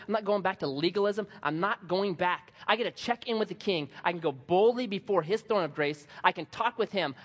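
A man preaching a sermon as pastor, telling funny stories and repeating lines for emphasis. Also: fairly high pitch. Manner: animated, humorous storytelling with emphatic repetition. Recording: dull sound, long hall reverb.

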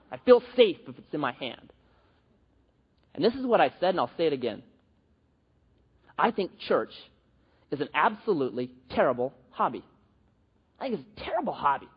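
Husky animated preacher in a reverberant hall. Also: male voice, high-pitched. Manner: animated, joking, conversational preaching with many restarts. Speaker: pastor. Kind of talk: sermon. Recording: dull, reverberant hall recording.

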